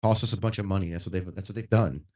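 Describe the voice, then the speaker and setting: A man ranting casually and bluntly while streaming a game, swearing often and getting louder when worked up. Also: low voice, fairly even intonation, very fast. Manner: blunt and profane, rising loud when worked up. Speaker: gaming livestreamer.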